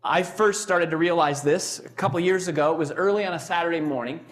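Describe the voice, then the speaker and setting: A man telling a story on stage in a fairly high voice. His delivery is even and measured, one short phrase at a time. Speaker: speaker giving a talk. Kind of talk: storytelling public talk.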